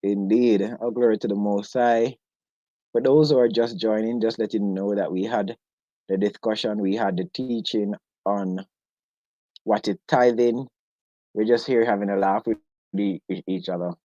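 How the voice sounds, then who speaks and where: A fairly low, dark voice with fairly even intonation and a measured pace belongs to a British man hosting a casual live online chat. Jokey and chatty, he laughs often between remarks, over dull, dry sound without room ambience.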